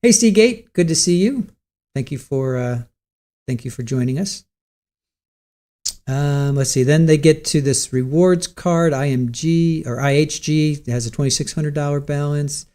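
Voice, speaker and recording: A man's voice: fairly high pitch, unhurried, mellow. A man from Ohio hosting a casual livestream, chatting and reading out viewer comments. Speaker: livestream host. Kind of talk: casual live-stream chat.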